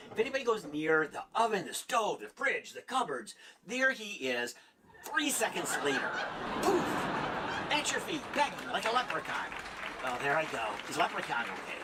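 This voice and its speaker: A man's voice: on the high side, sing-song, normal speed, a loud crowd. A man doing a stand-up comedy set, rambling and self-mocking, laughing at his own jokes on stage before a live audience. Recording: live club audience and ambient noise.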